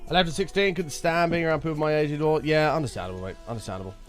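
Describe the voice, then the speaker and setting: A man's voice: fairly high pitch, very fast, soft background music. A man chatting casually while streaming gameplay, rambling into sweary stories from his school days.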